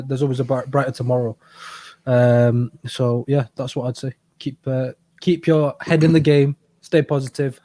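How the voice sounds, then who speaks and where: A man's voice: medium pitch, dark tone, dry recording. A man co-hosting an advice podcast in casual chat, easygoing and encouraging as he talks. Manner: easygoing and encouraging, with many "uh"s and restarts. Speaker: podcast co-host giving advice.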